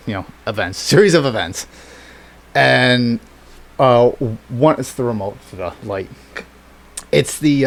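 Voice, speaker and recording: Guy co-hosting a laid-back chat, swears a lot, laughs, gets loud and squeaky when he acts out being surprised. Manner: animated storytelling, swearing, laughing, voices excited reactions. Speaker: podcast co-host. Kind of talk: casual chat.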